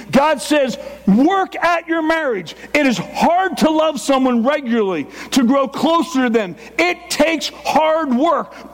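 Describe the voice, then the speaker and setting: A man in his sixties preaching a sermon, fast and emphatic, with teasing humor. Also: very high-pitched. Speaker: pastor.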